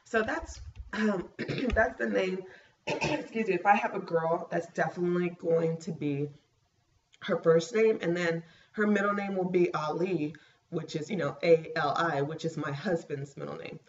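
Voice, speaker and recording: A woman vlogging casually to camera, rambling and clearing her scratchy throat. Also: fairly low pitch, unhurried, muffled recording. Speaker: pregnancy vlogger.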